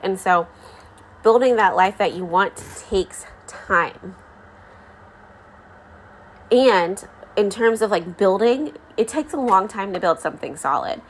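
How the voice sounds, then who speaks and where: A woman in her thirties hosts her solo podcast in a mid-range, expressive voice, speaking slowly with long pauses over slight hiss or hum. Tired and near tears, she talks candidly and rambles, filling gaps with "you know" and "like."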